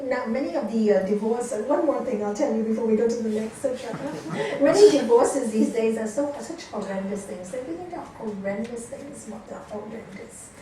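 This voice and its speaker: A woman yoga teacher recorded from across an echoey room, her voice sitting a little high. She tells stories to her class in an animated way, acting out the people she quotes. Faint room noise stays underneath. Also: far from the mic.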